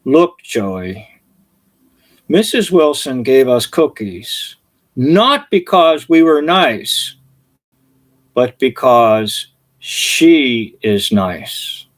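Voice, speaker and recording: A man's voice: mid-range voice, very animated, drawn-out words. A man voicing an earnest little boy explaining something to his friend.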